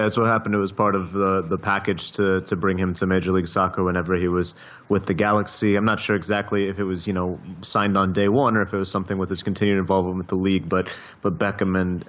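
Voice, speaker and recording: A man, a football pundit on a radio phone-in, explaining in a measured, matter-of-fact way. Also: sits low, a bit bright, dull audio.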